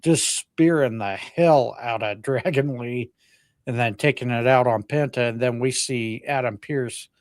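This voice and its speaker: A man's voice: medium pitch, unhurried, dry recording, clean studio sound. A man co-hosting a wrestling podcast, recapping events in casual chat and laughing at his own slips. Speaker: podcast co-host.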